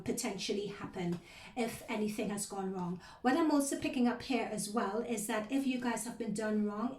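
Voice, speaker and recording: A woman reads tarot for her viewers in a soft, mellow voice, talking earnestly and drifting from point to point. She sits some way back from the mic, and the room adds a noticeable echo. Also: medium pitch. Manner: earnest, rambling, addresses listeners as "you guys". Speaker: tarot reader. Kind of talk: recorded tarot reading addressed to viewers. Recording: roomy echo, voice distant from the mic.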